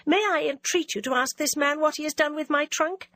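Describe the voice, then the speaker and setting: A woman's voice: high voice, a little fast, pushed and bright, no echo, pitched above the performer's own voice. A woman voicing a timid, earnest young woman stranded abroad in a storybook reading, pleading politely.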